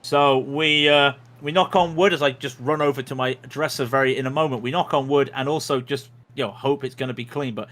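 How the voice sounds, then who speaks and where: A man's voice: mid-range voice, steady tone, brisk, few pauses, fairly bright tone. A man giving chatty, jokey commentary on a sim racing livestream, with frequent restarts.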